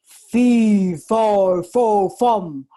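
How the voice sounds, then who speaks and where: A woman voicing a greedy, gruff male giant in a booming, slow chant for a storybook read-aloud. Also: mellow.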